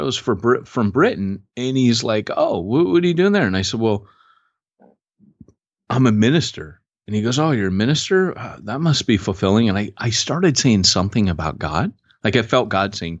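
A man with a low voice tells a story on a podcast, his pitch leaping all over as he gets carried away. He talks casually and excitably. The sound is dull and dry, with no room around it. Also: no room sound. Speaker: podcast co-host.

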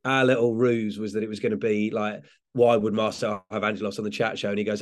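English guy rambling through an interview, low voice, keeps laughing and restarting. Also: little pitch movement, quick pace. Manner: rambling, self-correcting, laughs often. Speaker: comedian guest. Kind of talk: casual interview chat.

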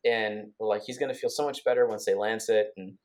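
A man co-hosting a podcast, recounting events in a casual, rambling way with many restarts and quick bursts. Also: fairly low pitch, fairly even intonation. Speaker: podcast co-host. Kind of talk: casual conversational storytelling.

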